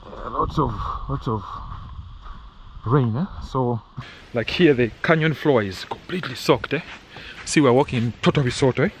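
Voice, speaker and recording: A man's voice: mid-range voice, normal speed, low-quality recording. A middle-aged man narrates his hike in a loose, rambling way, tossing in jokes and a habitual "eh?". He is outdoors on a soggy trail, caught on a handheld camera. A faint hiss sits under his voice. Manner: rambling, joking, frequent "eh?" tags. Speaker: vlogger on a hike. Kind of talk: casual walking vlog narration. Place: outdoors on a muddy canyon trail.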